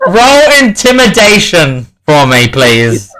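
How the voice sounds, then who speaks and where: A man running a tabletop game as game master, animated and laughing often. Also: sits high, takes it slowly, low-quality recording. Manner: animated, laughs often, shouts in-character lines.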